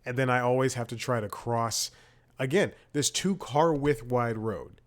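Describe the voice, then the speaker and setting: A man chats casually as the host of a comedy podcast, with a voice of ordinary middle pitch. He wanders through a personal story and often stops to correct himself. The delivery is loose and conversational. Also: unhurried. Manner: rambling anecdotes with frequent self-corrections.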